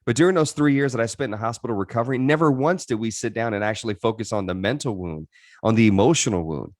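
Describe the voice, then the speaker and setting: A man in his thirties, guesting on a podcast, tells his life story candidly, earnest and reflective, often restarting his sentences. He has a medium pitch and talks fast, and the studio-quality recording has no room sound.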